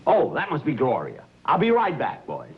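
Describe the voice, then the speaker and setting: Male comic lead, boastful and excitable, 1950s radio comedy on a muffled old broadcast. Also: normal speed, background noise. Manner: boastful, excitable, swings up and down in pitch. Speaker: comedian host.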